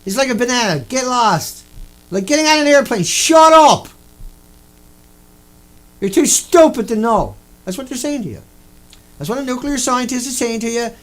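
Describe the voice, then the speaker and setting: Man, high voice, angry rant, repetitive, swearing, video blogger. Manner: ranting, repetitive, swears often.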